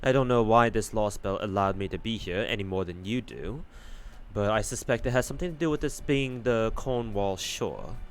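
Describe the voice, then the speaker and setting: Man doing a mournful, soft-spoken knight. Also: fairly low pitch, a little hiss or hum, close to an everyday voice. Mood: subdued. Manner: slow, subdued, courteous. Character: melancholy gentle knight archer, soft-spoken.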